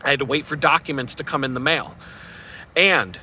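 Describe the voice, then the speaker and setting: A man's voice: medium pitch, brisk, pushed and bright, slight background noise. A man talking casually to his vlog audience in a blunt, rambling, profane way. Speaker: vlogger.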